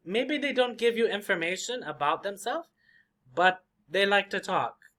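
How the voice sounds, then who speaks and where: Slow, lively man teaching words. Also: high voice. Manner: slow, repeats each word many times for drilling; acts out short example conversations. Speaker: English teacher. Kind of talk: pronunciation and vocabulary lesson.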